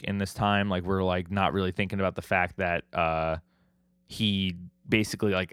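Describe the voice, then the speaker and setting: A man with a lower-pitched voice hosts a podcast and recaps comic chapters in loose, rambling talk. He leans on "like" and drops the odd swear word. The sound is dry and close on a podcast mic. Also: clear, resonant tone, no echo. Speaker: podcast host.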